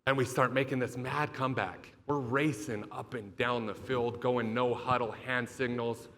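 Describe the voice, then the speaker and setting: A man's voice: mid-range voice, steady tone, normal speed, a bit bright. A man giving a motivational keynote talk, telling a vivid story with lots of swearing. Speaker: motivational speaker. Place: event stage.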